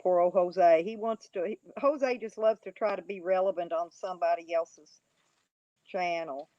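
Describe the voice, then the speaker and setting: A woman's voice: fairly low pitch, moderate pace, mellow, no echo. Mocking woman on a livestream. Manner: mocking, taunting, laughing often. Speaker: livestream host. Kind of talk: casual livestream chat, reading and answering chat. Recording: dry, dull lo-fi audio.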